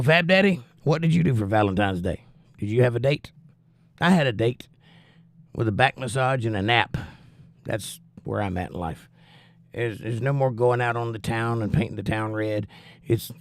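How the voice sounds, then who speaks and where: Man, gravelly voice, dry close sound, wry teasing host chatting with viewers, short of breath from flu. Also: medium pitch, moderate pace, no room sound. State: out of breath, recovering from flu with coughs. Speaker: livestream host reading chat. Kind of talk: casual chat.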